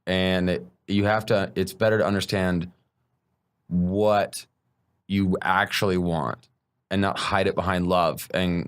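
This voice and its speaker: A man, a stand-up comedian, talking frankly and bluntly in a casual podcast conversation, swearing freely. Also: deep voice.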